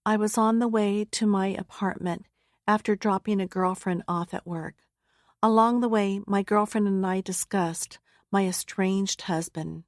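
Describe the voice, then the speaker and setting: Woman memoir narrator, mid-pitched voice, steady and earnest, close dry studio read. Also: a little slow, no room sound. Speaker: audiobook narrator. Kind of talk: first-person memoir narration. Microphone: close studio mic.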